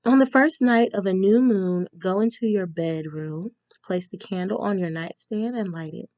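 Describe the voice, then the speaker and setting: A woman's voice: medium pitch, moderate pace, a little mellow, no echo. A woman giving a casual tarot reading, chatty and reading spell instructions aloud with frequent ums. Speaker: tarot reader.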